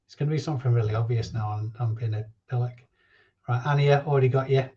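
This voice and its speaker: A man's voice: medium pitch, fairly even intonation, a little fast, dark tone, highs cut off. A man hosting a casual live stream, chatty and jokey as he reads out viewers' names. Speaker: reseller livestream host.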